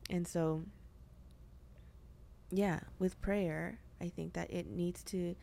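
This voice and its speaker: A woman's voice: lowish voice, steady tone, slow pace, gravelly, warm tone. A young woman hosting a podcast, talking earnestly about faith in a chatty way, full of filler words. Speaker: podcast host. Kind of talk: casual faith discussion.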